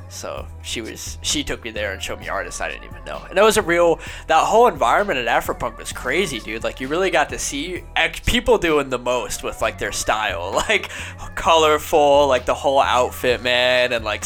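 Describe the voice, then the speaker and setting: A man's voice: medium pitch, a bit bright. A young man from Ohio, a podcast guest, telling stories in a laid-back, casual way and saying "dude" and "man" a lot. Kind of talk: casual chat.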